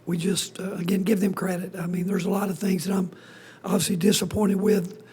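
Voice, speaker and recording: A man speaking as a basketball head coach at a postgame press conference, hoarse with his voice nearly gone, in a breathy half-whisper that keeps stopping and restarting sentences. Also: high voice, flat delivery, mellow. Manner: halting, restarts sentences often.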